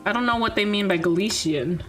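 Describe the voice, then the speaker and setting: A woman's voice: medium pitch, fairly quick, soft background music. A woman streamer, playful and self-mocking, chatting over a game. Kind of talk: casual game stream commentary.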